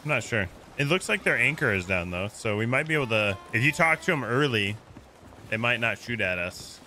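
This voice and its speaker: A man streaming a pirate game, chatting casually and excitably, laughing and giving orders to his crew. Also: medium pitch, a little fast, a little hiss or hum. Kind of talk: casual gaming chat.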